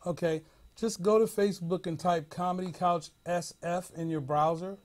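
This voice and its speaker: A man's voice: high-pitched, fairly even intonation, normal speed, darkish tone. A man hosting a live call-in comedy show, talking in a playful, teasing, upbeat way. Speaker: host.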